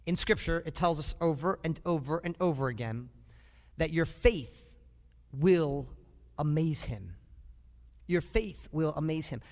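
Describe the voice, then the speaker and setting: A man with a high voice preaches a sermon as a pastor, speaking in a lively way and often asking questions of his listeners. His voice rings out with a long reverb in a large hall. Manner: lively, asks the congregation questions.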